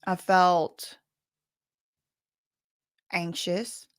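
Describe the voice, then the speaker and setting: A woman YouTuber with a softened Southern accent, telling her story to camera in a candid, emphatic way and repeating words for stress. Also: lowish voice, little pitch movement, extremely slow, no room sound, clean studio sound. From US South, bayou country.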